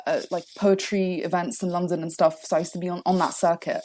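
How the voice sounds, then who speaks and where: A woman's voice: lowish voice, flat delivery, fast talker, a little mellow. A woman who is a guest on a podcast, talking in casual chat and often laughing as she speaks. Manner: laughs through her words, chatty.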